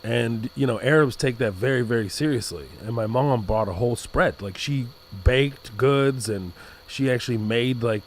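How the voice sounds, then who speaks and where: A man's voice: medium pitch, normal speed, a little hiss or hum. A man who grew up in Kuwait, telling comic stories as a podcast guest, laughing and acting out the people in them. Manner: animated, laughs through stories, acts out voices. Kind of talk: comic storytelling in casual chat.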